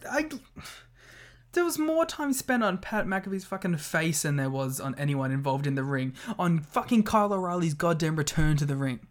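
A man's voice: on the high side, normal speed. A man co-hosting a podcast, chatting bluntly about wrestling, swearing freely and laughing mid-sentence. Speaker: podcast co-host. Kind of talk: casual wrestling chat.

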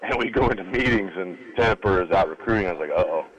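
A man with a lower voice tells a long anecdote as a radio guest. He is middle-aged and acts out the people in his story, jumping up in pitch when he quotes them. It is a casual, chatty interview. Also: expressive, fast, rough recording. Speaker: guest, former college football lineman. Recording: radio broadcast studio.

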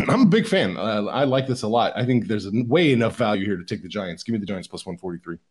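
A man's voice: on the low side, lively intonation, fast, darkish tone. A man co-hosting a sports betting podcast, chatting casually about where the money and public are.

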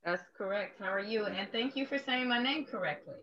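A woman taking part in a video call as a student, warm and grateful in manner. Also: medium pitch, brisk, highs cut off. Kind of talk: friendly chat on a video call.

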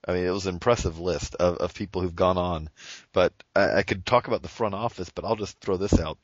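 A man's voice: low-pitched, fairly even intonation, brisk, no echo. A man who writes for the show, chatting on a podcast and running through lists of names and rankings. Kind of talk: casual podcast chat. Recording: dull lo-fi audio.

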